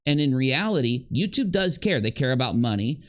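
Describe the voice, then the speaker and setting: A man's voice: medium pitch, very animated, a little fast. A man hosting a commentary channel, emphatically breaking down clips and repeating his points. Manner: emphatic, repetitive, mimics the woman in quotes. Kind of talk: drama commentary, analyzing clips.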